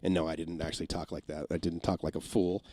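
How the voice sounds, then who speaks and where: A middle-aged man who used to be a radio engineer, chatting casually on a livestream, rambling through stories and slipping into quick comic impressions. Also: low voice, level tone, warm tone, no room sound. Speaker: live streamer and former radio engineer. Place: home in Massachusetts.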